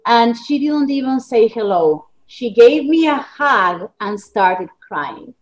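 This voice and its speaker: Argentine woman author, high pitch, accented English, emphatic storyteller. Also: sing-song, takes it slowly, few pauses, lo-fi sound. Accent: Argentine Spanish. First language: Spanish. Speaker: guest author. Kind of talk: interview conversation.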